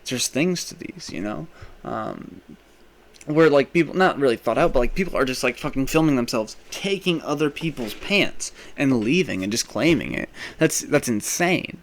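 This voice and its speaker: A young man hosting a podcast, telling a rambling, profane comic story, swinging between loud rants and mumbled asides. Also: mid-range voice, expressive, normal speed. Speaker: podcast host. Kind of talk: rambling comedic monologue.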